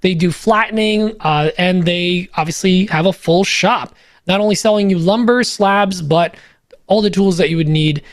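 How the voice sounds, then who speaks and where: A man's voice: sits high, normal speed, no echo, studio quality. Upbeat, joking man reading sponsors. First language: Polish. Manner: upbeat, joking, loose with fillers. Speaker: podcast co-host reading sponsor spots. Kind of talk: casual ad read on a podcast.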